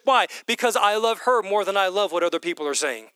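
A middle-aged man preaching a sermon in an animated way, repeating key phrases for emphasis. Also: sits high, brisk, few pauses, clear, resonant tone, no room sound. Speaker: pastor.

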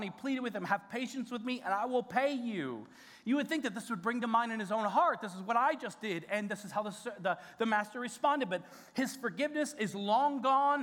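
High-voiced pastor preaching in a reverberant church. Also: male voice, fairly bright tone. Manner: conversational preaching with restarts, rising to emphatic peaks. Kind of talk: sermon. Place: church sanctuary. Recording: long church hall reverb.

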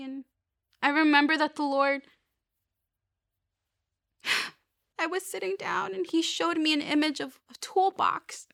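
A young woman sharing a personal faith testimony, earnest and halting, often restarting her sentences. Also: high voice, creaky, a bit bright, no room sound, clean studio sound.

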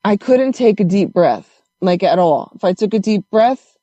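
A woman telling a story in casual conversation, animated and swearing as she acts out what others said. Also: mid-range voice, moderate pace, no echo, dull audio.

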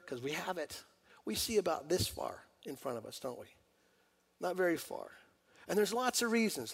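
Animated male preacher, loud then hushed. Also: sits high, creaky. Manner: animated, swings from loud urging to hushed intimacy. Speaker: pastor. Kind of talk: sermon.

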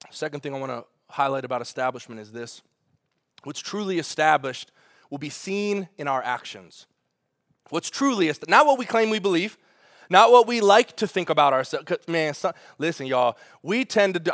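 Guy preaching, high voice, chatty and animated, lots of questions to the crowd. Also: moderate pace, dry recording, studio quality. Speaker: pastor. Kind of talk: sermon.

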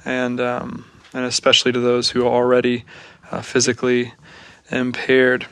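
Flat-voiced young man, halting. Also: mid-range voice, smooth, dry recording. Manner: halting, many fillers and restarts, thoughtful. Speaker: podcast co-host. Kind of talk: reflective faith discussion.

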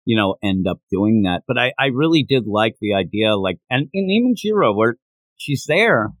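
A man's voice: fairly low pitch, very animated, normal speed, rough recording. A man co-hosting a podcast, casually discussing a manga chapter and laughing as he retells scenes. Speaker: podcast co-host.

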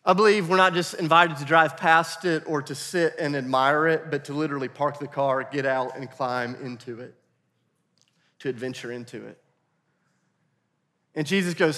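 A man preaching a sermon as pastor, animated and playful, with asides to the congregation. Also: mid-range voice, moderate pace. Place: church hall. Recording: long reverb of a church hall.

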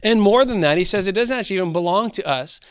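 A man with a high, clear and smooth voice delivers a sermon-style devotional talk on his podcast. He tells the Bible story with energy, acting out the quotes as he goes. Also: lively intonation, fast talker. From Canada. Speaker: podcast host.

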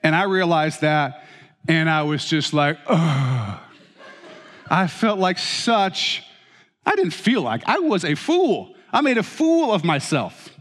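A man preaching a sermon as pastor, telling stories with animated, self-mocking humor. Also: on the high side, a little slow. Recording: reverberant hall.

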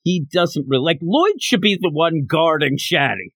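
A man with a fairly high voice that swings widely in pitch, retelling a comic chapter in casual podcast chat. He drops in and out of quoted lines. The sound is dry and close, with no room around it. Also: moderate pace, gravelly, slightly rough, no room sound. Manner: animated retelling, jumps into character quotes. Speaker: podcast host. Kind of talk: casual manga recap chat.

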